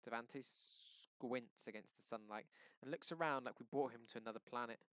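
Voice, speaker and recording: A male teacher reading a novel aloud to his class in a lively, expressive way. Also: mid-range voice, normal speed, no room sound.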